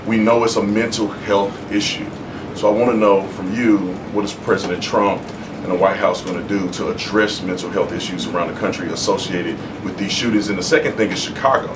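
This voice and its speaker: A man's voice: lowish voice, steady tone, a little fast. A man in a press briefing room asking questions in an earnest, emphatic way. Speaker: content creator asking a question. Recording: distant mic with air conditioning hum.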